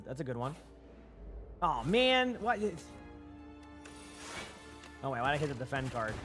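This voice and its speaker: Young man, Boston accent, streamer, casual rambling chat, fairly high voice, faint background music. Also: a bit bright. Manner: casual, rambling, chatting with viewers. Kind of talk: live-stream gameplay commentary. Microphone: headset.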